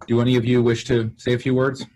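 A man presiding over a council session, reading a formal resolution in a measured cadence. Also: medium pitch, flat delivery, darkish tone, rough recording.

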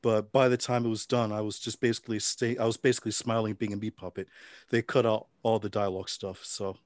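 A middle-aged man, an interview guest, telling his story in a relaxed, wry way with frequent restarts. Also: fairly low pitch, quick pace, no echo, clean studio sound.

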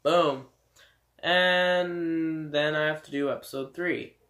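A man's voice: a little high, fairly even intonation, slow, fairly bright tone. A man giving casual game commentary, rambling and swearing with many fillers. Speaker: let's play gamer.

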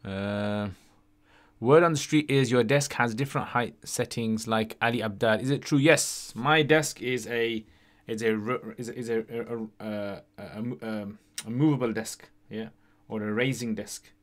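This livestream host has a mid-range voice and talks a little slowly. Fielding questions in a laid-back Q&A, he chats freely and keeps tacking "yeah?" onto what he says.

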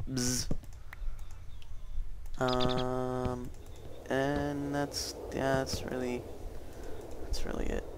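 Rambling young man with gravelly fry. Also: medium pitch, a little hiss or hum. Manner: rambling, hesitant, many fillers and restarts. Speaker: gaming YouTuber. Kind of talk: casual gameplay commentary.

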